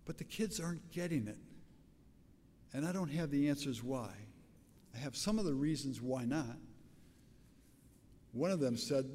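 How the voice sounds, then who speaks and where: An older man, a pastor with a raspy voice, preaching a sermon in a conversational, storytelling way with frequent restarts. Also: medium pitch, lively intonation, a little slow, pauses often, mellow, long reverb tail.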